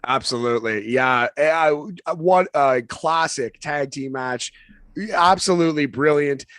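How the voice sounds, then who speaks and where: A man's voice: medium pitch, fairly bright tone, clear, resonant tone, no room sound, clean studio sound. A man co-hosting a podcast, praising a wrestling show in emphatic casual chat. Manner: emphatic, quick superlatives. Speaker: podcast co-host.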